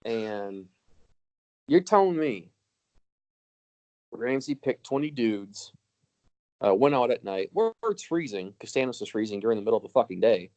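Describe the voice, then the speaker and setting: A man's voice: mid-range voice, big pitch swings, moderate pace, pauses often, dark tone. A man co-hosting a casual podcast, ranting with lots of swearing and frequent laughter. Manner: ranting, profane, laughs often. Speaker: podcast co-host.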